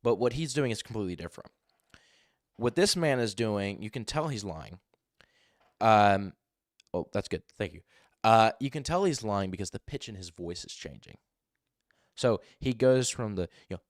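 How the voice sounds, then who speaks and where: A man hosting a live commentary stream, talking in an animated way and mimicking voices to make his points. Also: lowish voice, moderate pace, no room sound, studio quality. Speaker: livestream host.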